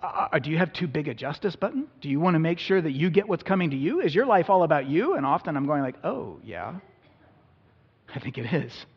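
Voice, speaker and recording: A man pastor delivers a sermon in a conversational, self-deprecating way. His voice sits a bit high with a husky edge. The audio is dull and carries a long echo from a large church hall. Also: expressive, quick pace, few pauses. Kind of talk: Easter sermon.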